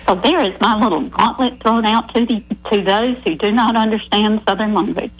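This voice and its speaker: A woman calling in to a radio talk show, speaking in a deliberate, opinionated way. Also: medium pitch, breathy edge. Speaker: caller. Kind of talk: call-in radio. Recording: phone line.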